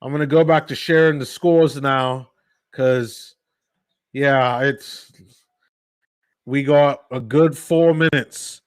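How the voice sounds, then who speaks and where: A man giving live play-by-play commentary as a fan on a watch-along stream, sighing in disbelief and getting loud when his team scores. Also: mid-range voice, slow pace, pauses often, smooth, no echo. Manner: excitable fan, swings from sighing disbelief to shouting.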